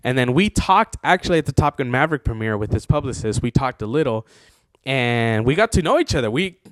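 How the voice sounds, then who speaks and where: A young man hosting his own podcast, telling a story in a casual, excitable, rambling way full of fillers. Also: mid-range voice, a little fast, no room sound. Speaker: podcast host.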